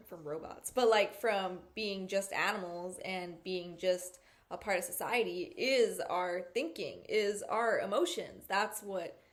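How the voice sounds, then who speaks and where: A woman hosting a podcast in a casual chat, rambling and searching for words, with lots of "like" and "you know". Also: mid-range voice. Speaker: podcast host.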